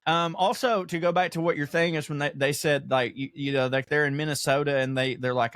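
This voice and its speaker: Emphatic Southern man, high and dry. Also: fairly even intonation, a little fast, hardly any pauses, fairly bright tone, dry recording. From American South. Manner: emphatic, repeats lines, laughs easily. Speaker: podcast co-host, comedian. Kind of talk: casual podcast chat.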